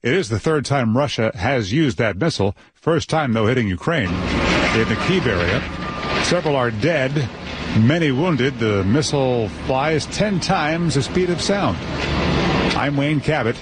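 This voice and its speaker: A man anchoring a radio newscast, reading headlines with a brisk, measured delivery. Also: mid-range voice, lively intonation, heavy background noise. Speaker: news anchor. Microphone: dry studio mic.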